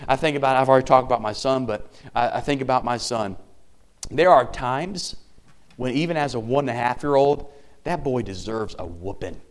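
Brief Male pastor, thirties, mid-pitched, preaches with big swings from loud emphasis to hushed tenderness. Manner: animated preaching, swinging from loud emphasis to soft near-whisper. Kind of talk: sermon.

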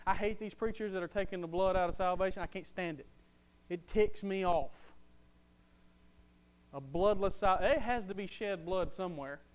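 Man, high voice, fervent preacher; drops low then builds loud, hammers phrases twice. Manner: impassioned, swings from quiet to loud; repeats phrases for emphasis. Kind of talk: sermon.

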